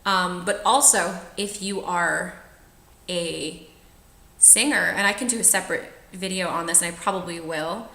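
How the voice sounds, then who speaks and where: Chatty young woman, bright voice. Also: on the low side, measured pace, roomy sound. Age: 20s. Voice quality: trained singer's voice. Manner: chatty, frank, laughs often while telling. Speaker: vlogger sharing personal experience. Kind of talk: casual storytelling to camera.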